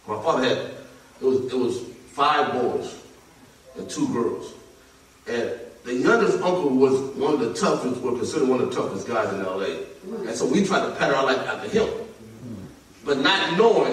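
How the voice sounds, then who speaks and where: A man, a pastor, telling a lively story in a sermon, laughing as he goes, with a congregation answering him. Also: a little high. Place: large church sanctuary. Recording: echoey church hall, mic from far off. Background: congregation responding.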